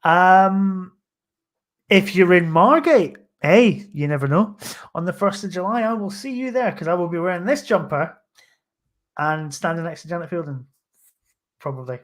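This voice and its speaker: A man's voice: sits high, animated, moderate pace. A man hosting a live podcast in casual chat, jokey and rambling, with mild swearing. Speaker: podcast host.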